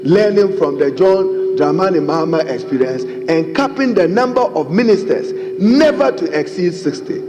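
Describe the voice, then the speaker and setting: A man's voice: high-pitched, lively intonation, moderate pace, few pauses, background noise. Middle-aged man orating in a parliament chamber. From Ghana. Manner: oratorical, repeatedly addressing the Speaker. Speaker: member of parliament. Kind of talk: parliamentary debate speech. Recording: long chamber reverb.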